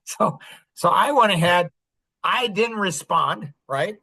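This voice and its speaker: A man's voice: high-pitched, lively intonation, slow pace, bright, forceful tone, breathy edge. Middle-aged man, podcast storyteller, rambling and full of fillers. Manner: rambling, repeats words, many fillers. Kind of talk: animated personal storytelling.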